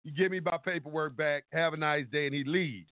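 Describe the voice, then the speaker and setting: A man with a high voice tells a long, lively story on a call-in show. He voices the other people's lines himself and swears freely. The sound is tinny and dry, like a phone line. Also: fairly quick, no room sound. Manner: animated storytelling, acting out quotes, swearing. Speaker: caller.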